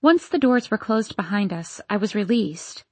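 Expressive woman narrating a story. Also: medium pitch, moderate pace, no room sound. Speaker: audiobook narrator. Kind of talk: scripted first-person story narration.

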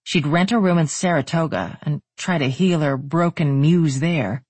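An audiobook narrator reads with a steady, even storytelling pace. The voice is husky and breathy, with a mid-range pitch, recorded dry and close. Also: moderate pace, no room sound.

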